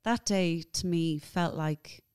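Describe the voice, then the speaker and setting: A woman's voice: on the low side, slow, a little mellow, smooth. A woman guest telling a story in casual interview chat, chatty and emotional, full of "like" fillers. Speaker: guest, cookbook author.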